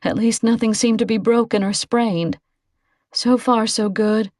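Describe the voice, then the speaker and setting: A woman narrating a novel aloud in a measured, expressive way. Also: fairly high pitch, dry recording, studio quality. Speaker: audiobook narrator. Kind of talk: scripted narration.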